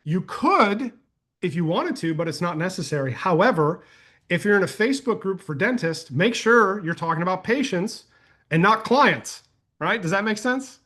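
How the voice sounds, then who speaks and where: An energetic man hosts a live coaching call and answers attendee questions in a folksy, conversational way. His voice sits a little high for a man, and he talks with loose, friendly enthusiasm. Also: normal speed. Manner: energetic and folksy, uses "y'all", tells anecdotes. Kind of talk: casual webinar Q&A.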